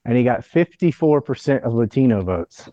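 A man's voice: medium pitch, animated, moderate pace, warm tone, no room sound. Opinionated guy ranting casually, dull lo-fi audio. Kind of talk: casual political chat.

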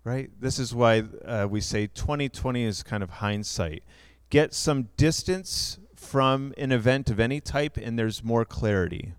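A man's voice: medium pitch, a little slow, clear, resonant tone, dry recording. A younger man preaching a sermon, explaining figures in a conversational way with asides. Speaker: pastor.

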